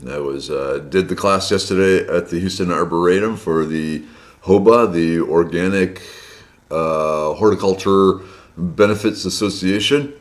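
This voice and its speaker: Slightly hoarse man hosting a live stream. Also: fairly low pitch. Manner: friendly, chatty, greets viewers by name. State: slightly hoarse from a long day of loud speaking. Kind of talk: casual live-stream chat greeting viewers. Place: indoors at his home.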